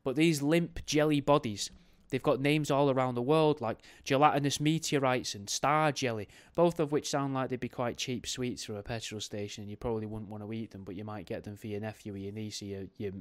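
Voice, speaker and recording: A man hosting a podcast in a casual, rambling, jokey way, often correcting himself mid-sentence. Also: lowish voice. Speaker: podcast host.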